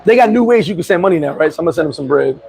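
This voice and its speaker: A middle-aged man telling a story casually on a livestream, boastful and animated, laughing and swearing often. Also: fairly high pitch, racing, slightly rough, no echo, poor audio. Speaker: vlogger.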